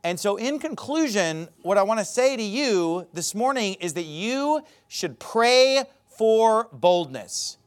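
Preacher, male, high voice with big swings, animated sermon delivery. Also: a little slow, hardly any pauses. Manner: animated preaching, mocking acted quotes. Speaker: pastor.

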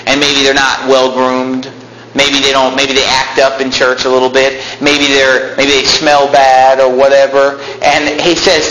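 A man's voice: fairly even intonation, measured pace, pushed and bright, slight background noise. Emphatic male preacher in an echoey room. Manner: emphatic, repetitive, preaching hard with rising pitch. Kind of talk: sermon. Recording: echoey room with faint ambience.

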